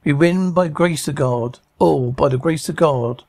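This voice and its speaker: A grim knight commander rallying his troops before battle, read by a man in his own voice. His speech halts and trips over words. The tone is slightly high and gravelly. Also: darkish tone, dry recording. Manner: stumbling, halting delivery.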